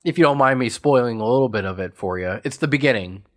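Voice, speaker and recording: A man from western Pennsylvania co-hosts a casual podcast chat and eagerly recaps a movie. He rambles along with plenty of "like" fillers, and his voice sits in an ordinary middle pitch. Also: expressive, fast talker, a bit bright. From Pittsburgh area, USA. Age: adult parent. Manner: enthusiastic rambling storyteller with many "like" fillers. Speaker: podcast co-host.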